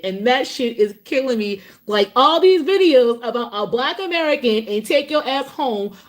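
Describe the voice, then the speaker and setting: A woman venting in a reaction clip, exasperated and swearing often. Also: fairly high pitch.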